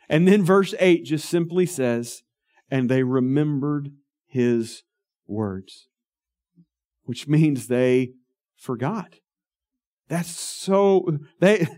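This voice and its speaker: A pastor with a drawl delivering a sermon in a high, light voice. He talks to the congregation like he's chatting, drops in jokes about his own marriage, then leans hard on key words. Now and then he drifts away from the mic. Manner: conversational preaching with homespun asides and swells of emphasis.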